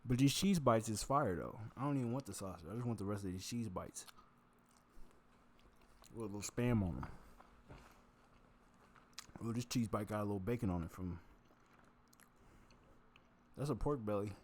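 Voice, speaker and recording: A man's voice: fairly low pitch, normal speed, long pauses, a little mellow, a little hiss or hum. Rambling man chatting while he eats. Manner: rambling, joking, swears casually while eating. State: congested nose, full, chewing. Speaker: vlogger. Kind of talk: casual eating vlog chat.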